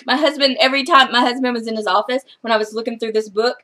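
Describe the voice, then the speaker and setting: A woman book vlogger chatting casually through her book haul, excitable and gushing, with some casual swearing. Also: fairly high pitch, fast talker.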